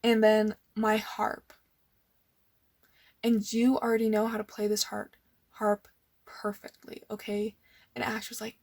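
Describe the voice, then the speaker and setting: A woman's voice: a little high, level tone, unhurried, pauses often, a little mellow, dry recording. A young woman casually rambling as she flips through her old sketchbooks, nervous and full of fillers. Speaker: artist showing old sketchbooks.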